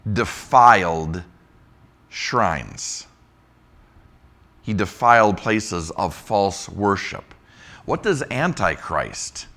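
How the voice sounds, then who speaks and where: A male pastor teaching a Bible lesson in a conversational, animated way, often asking rhetorical questions. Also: on the low side.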